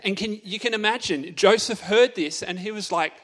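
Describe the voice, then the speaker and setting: A man delivers a sermon to young people as an unfolding story. He keeps it playful, often pausing to ask his listeners questions. His voice sits a little higher than most men's. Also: expressive, fairly bright tone. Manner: playful, asks the audience many questions. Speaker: youth speaker. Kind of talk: lively storytelling sermon to youth.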